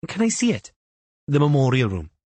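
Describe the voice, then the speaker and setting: Man putting on a careful young cop woman, higher voice, asking gently, husky. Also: wildly swooping pitch, brisk, no echo. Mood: concerned. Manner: careful, questioning. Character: young policewoman, gently probing and concerned.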